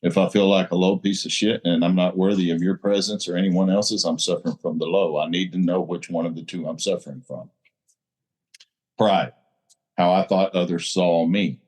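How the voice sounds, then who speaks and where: A deep, low-pitched man speaks at a recovery group meeting. He is blunt and salty and drives his points home with a preacher's emphasis. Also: normal speed, a little mellow. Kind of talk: casual recovery group talk.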